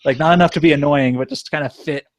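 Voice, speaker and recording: A man's voice: fairly high pitch, fairly even intonation, fast talker, no room sound. A man co-hosting a podcast in casual chat, rambling with lots of fillers and restarts. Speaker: podcast co-host.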